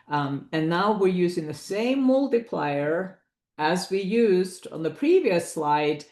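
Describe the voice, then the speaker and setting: A woman's voice: on the low side, sing-song, slow pace, a little mellow, reverberant. A woman presenting a business valuation webinar, explaining figures in a conversational way with asides to her audience.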